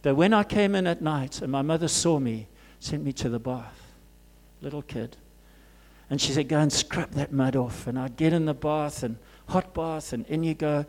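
Male pastor from Zimbabwe, high voice, dramatic sermon delivery, loud cries dropping to near whispers. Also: moderate pace. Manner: swings from loud urgent cries to soft hushed asides.

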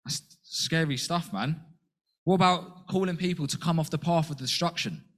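A man preaching a sermon in an earnest way, asking rhetorical questions and jumping up in pitch to act out quotes. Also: normal speed.

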